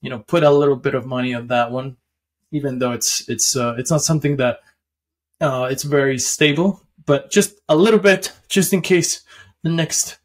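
A young man who hosts finance videos casually explains how stocks work, rambling with lots of fillers and restarts and chuckling often. His voice is mid-range and his speed normal.

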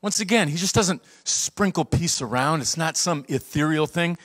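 A man pastor preaching a sermon, swinging from loud emphasis to hushed, quiet delivery. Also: fairly high pitch, animated, moderate pace.

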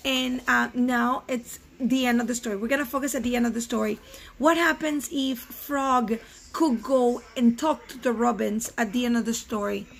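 A woman teaching first graders a reading lesson, asking questions gently and switching into Spanish now and then. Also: on the high side, steady tone, moderate pace, vocal fry. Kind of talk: remote reading lesson for children.

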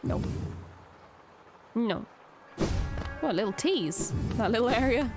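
A woman's voice: on the high side, expressive, takes it slowly, music in the background. A woman giving reactive let's-play commentary, exclaiming and swearing as the game pressures her. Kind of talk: live gameplay commentary.

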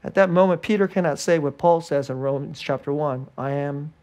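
High-voiced man preaching conversationally. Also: fairly quick. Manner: conversational preaching, swinging between bright and hushed; laughs between phrases. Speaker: pastor. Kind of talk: sermon.

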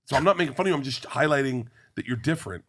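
Man, forties, comedian, lively up-and-down delivery, mid-pitched, profane, laughs through it. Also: racing. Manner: animated, profane, laughs through his own story. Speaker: comedian guest. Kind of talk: comic storytelling on a talk show.

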